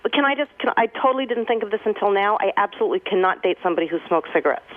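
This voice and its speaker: Woman, radio guest, hesitant, fast talk, tinny line. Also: mid-range voice, expressive, a little hiss or hum. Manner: hesitant, quick-talking. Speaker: guest picking a date. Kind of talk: casual radio chat.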